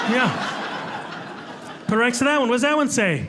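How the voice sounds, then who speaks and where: With an extremely high, very animated voice, a man delivers a fairly quick stand-up set broken by long pauses, chatting with the crowd and mocking himself. It's recorded live on a comedy club stage, with background noise and audible crowd ambience.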